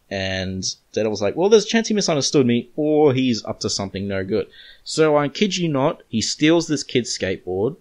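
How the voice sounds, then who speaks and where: Low-voiced Australian podcast host. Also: male voice. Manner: rambling, with joking asides. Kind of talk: casual comic-book recap.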